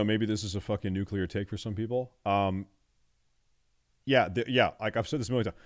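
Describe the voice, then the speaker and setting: A man streaming live and reacting to videos in a loud, joking, profane way. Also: lowish voice, dry recording, clean studio sound.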